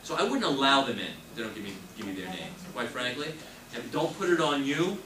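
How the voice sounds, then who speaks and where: Male trainer, forceful coaching delivery, recorded from across an echoey room with background noise. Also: mid-range voice, very animated, a little fast. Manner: emphatic, repeats key phrases, coaching tone. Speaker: real estate sales trainer. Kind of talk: classroom training talk. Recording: echoey room, mic far off, noisy.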